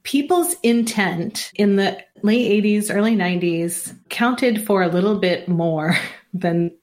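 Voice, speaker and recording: A woman in her forties, a communication consultant, telling a story in a relaxed interview with frequent laughs and fillers. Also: medium pitch, slow pace.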